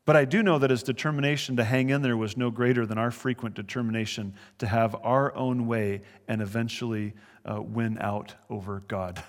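A man's voice: mid-range voice, steady tone, a little fast, in a large hall. A man preaching a verse-by-verse sermon as a pastor, conversational and earnest, with brief chuckles. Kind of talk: sermon, verse-by-verse Bible teaching.

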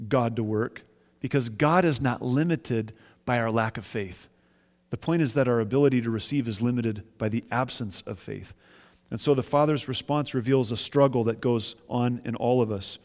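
A man's voice: mid-range voice, brisk. Earnest male pastor preaching in a reverberant hall. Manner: earnest, asks the congregation questions. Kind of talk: sermon.

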